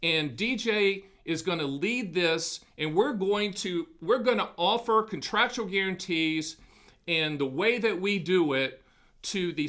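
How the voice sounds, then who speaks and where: A man's voice: on the high side, bright, forceful tone. A man hosting a live studio broadcast, explaining financial products in a punchy, folksy sales-education style. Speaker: host of an annuity live event. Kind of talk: energetic sales-education talk.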